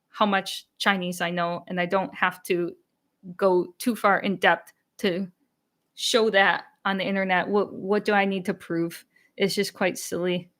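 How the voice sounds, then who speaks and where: A chatty young woman hosts a casual live stream, reading out and answering viewers' comments. Her voice sits in an ordinary middle pitch. She talks candidly, laughs easily and mixes in bits of Chinese. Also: pushed and bright. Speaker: language-learning channel host.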